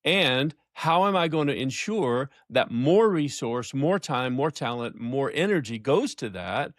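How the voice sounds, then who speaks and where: An older man, a leadership coach, telling stories in a podcast interview, emphatic and slowing down to stress points. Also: medium pitch, animated, no echo, studio quality. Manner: emphatic storyteller, slows for emphasis, laughs often.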